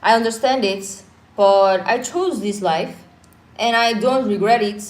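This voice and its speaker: At home during a power cut, a woman from Korea, Korean being her first language, co-hosts a casual live chat in an unhurried, medium-pitched voice with a roomy echo. Her manner is earnest and reflective, dotted with pidgin phrases.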